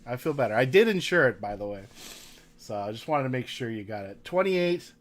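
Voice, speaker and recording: A man's voice: mid-range voice, sing-song, a little fast. A man hosting a casual card-break livestream, chatting with viewers and reading their names aloud.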